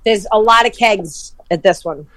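A woman who lives near Providence tells a running story in casual chat, swearing freely and laughing often. She is an animated storyteller with a medium-pitched voice at a moderate pace, recorded with no echo.

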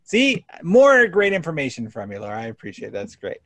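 Energetic male podcast host. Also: on the high side, a little fast, dry recording. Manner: energetic, animated storytelling. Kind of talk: conversational podcast interview.

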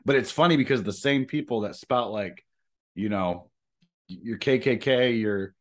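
A man's voice: mid-range voice, measured pace. A man co-hosting a podcast, ranting heatedly in casual chat with frequent swearing. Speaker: podcast co-host.

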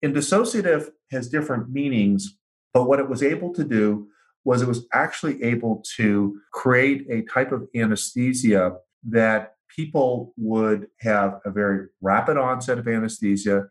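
A man as an interview guest, explaining in a measured, methodical way. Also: medium pitch. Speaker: psychiatrist guest.

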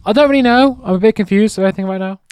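A man's voice: sits high, very fast, a little mellow, smooth, dry recording, clean studio sound. An English man co-hosting a podcast in casual chat, easygoing and jokey, laughing a lot. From England. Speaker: podcast co-host.

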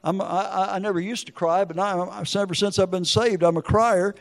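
Older male preacher, emotional testimony style, raised pitch. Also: steady tone, a little fast, gravelly, long reverb tail. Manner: emotional storytelling with acted quotes. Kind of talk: testimony sermon.

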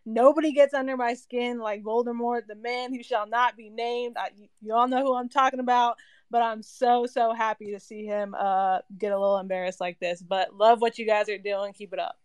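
A woman calling in to a fan audio room, excited and gushing. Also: fairly high pitch, moderate pace, smooth, dry recording. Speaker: caller.

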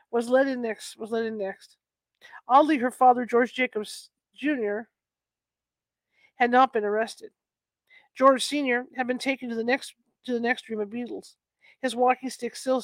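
Reading from a history book in a somewhat high voice, a woman troubled by allergies trips over words, fixes her mistakes, and drops in casual comments along the way. The sound is close and dry, without any room echo.

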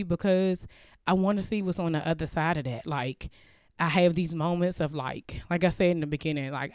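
A woman's voice: sits low, clear, resonant tone, dry recording. A woman hosting a podcast, telling a personal story in an earnest, heartfelt, conversational way into a close mic. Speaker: podcast host.

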